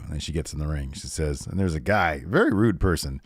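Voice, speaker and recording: A man co-hosting a casual wrestling recap, animated, acting out wrestlers' lines and laughing often. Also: rumbling low, a little fast, slightly rough, dry recording, clean studio sound. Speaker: podcast co-host.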